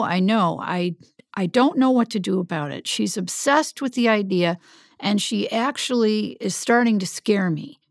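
Anguished smith, male, pleading and raising his voice, read by a woman narrator in her own slightly higher, gravelly storybook voice. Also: no echo, clean studio sound, natural voice. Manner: pleading, rising to shouting. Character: anguished adult man, a smith.

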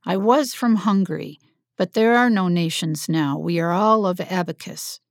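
A woman voicing a friendly man whose words come through a translation app, slow and careful with simple phrasing. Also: lowish voice, dry recording, clean studio sound, lightly acted.

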